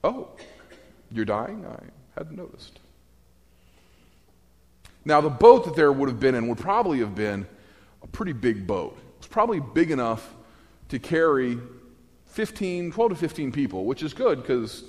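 Man, preacher, sermon, wry sarcastic asides, lively pitch, long church reverb. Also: normal speed.

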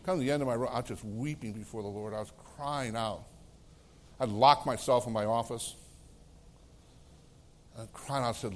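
A man's voice: medium pitch, normal speed, long pauses, slight background noise. Man preaching with wide, dramatic swings. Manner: swings from loud exclamations to hushed, soft tones; laughs between phrases, conversational preaching. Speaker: pastor. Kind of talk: sermon.

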